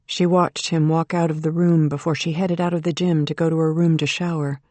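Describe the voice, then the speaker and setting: Thriller audiobook narrator, mid-pitched, even delivery, dead-dry studio. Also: a little fast, no room sound. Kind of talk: scripted narration.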